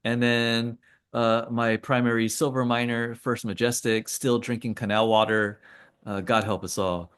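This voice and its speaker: A man's voice: mid-range voice, level tone, unhurried, fairly bright tone, smooth. A man hosting a casual trading call, rambling through charts with joking asides and lots of fillers. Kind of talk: casual screen-share commentary.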